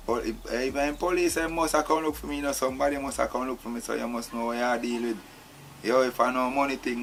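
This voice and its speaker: A man's voice: mid-range voice, fairly bright tone, natural voice. Man playing a defiant tied-up Jamaican man. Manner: insistent, repeats "you know". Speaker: actor. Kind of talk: acted film drama.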